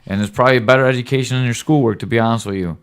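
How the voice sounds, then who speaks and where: A man's voice: mid-range voice, very fast, clear, resonant tone. A man, a podcast host, giving his son a rambling, earnest fatherly lecture in casual talk, often checking in with "right?". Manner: lecturing, occasional cussing.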